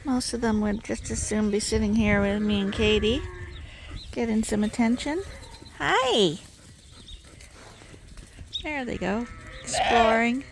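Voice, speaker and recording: A woman's voice: on the high side, fairly even intonation, moderate pace. A woman sheep farmer chatting casually as she explains her animals, with fillers and restarts. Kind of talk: casual farm vlog narration. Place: outdoors and in a barn among sheep. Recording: clear farm noise behind. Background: bleating sheep.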